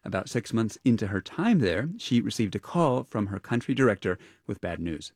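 Brief: male radio host with a lowish voice, measured scripted read, dry studio sound. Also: sing-song, a little mellow, slightly rough, dry recording.

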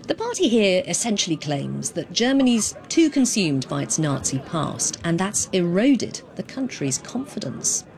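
A woman reporter delivering a scripted news report in a clear, measured way. Her voice sits low for a woman and moves with lively intonation.

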